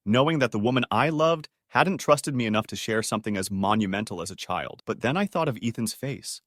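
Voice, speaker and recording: Brief: male first-person storyteller, lively pitch, close dry sound. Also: a little fast, no room sound. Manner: emotional storytelling. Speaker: story narrator. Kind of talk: scripted first-person narration.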